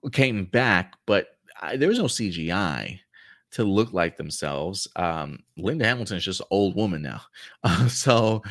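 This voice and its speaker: Low-voiced man hosting casual stream chat. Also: fairly bright tone, dry recording, clean studio sound. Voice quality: halting, full of fillers and restarts. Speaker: livestream host answering viewer comments.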